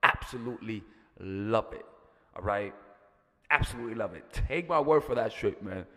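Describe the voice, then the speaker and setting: A man's voice: fairly low pitch, expressive, normal speed, sharp tone, big-room sound. A man giving casual dating advice as a coach, chatty and profane, repeating words and joking as he goes.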